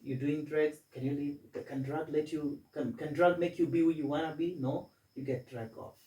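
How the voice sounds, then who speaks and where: A man's voice: on the high side, steady tone, moderate pace, dark tone, far from the mic, slight background noise. A man in his twenties, a student guest, speaking in a self-assured way with repeated stammering restarts. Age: 20s. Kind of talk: casual interview. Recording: echoey room, voice from off-mic.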